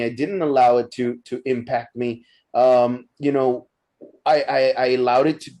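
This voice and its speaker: A man in his thirties of Mexican-American background, telling stories in a casual podcast chat, animated and stumbling over his words. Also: mid-range voice. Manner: animated storyteller, frequent restarts and stumbles.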